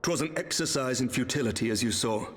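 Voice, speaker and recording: A man's voice: mid-range voice, quick pace, natural voice. A man voicing a solemn young knight commander. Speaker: game character voice. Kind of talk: video game voice acting. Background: game music.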